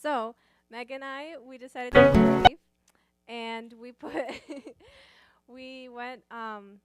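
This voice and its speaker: A woman's voice: high-pitched, steady tone, extremely slow, music in the background. A young college woman telling a church group about a campus outreach, speaking casually with many "like"s and "um"s. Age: young adult. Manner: casual, rambling, lots of "like" and "um". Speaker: college student sharing testimony. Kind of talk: church testimony.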